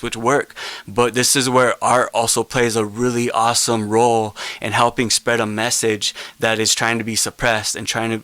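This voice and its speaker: A young man delivers a keynote as a personal story, earnest and halting, often restarting his sentences. His voice is smooth and resonant, with little rise and fall in pitch. The sound is dry and close, with no room around it. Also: fairly bright tone, no room sound. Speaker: keynote speaker.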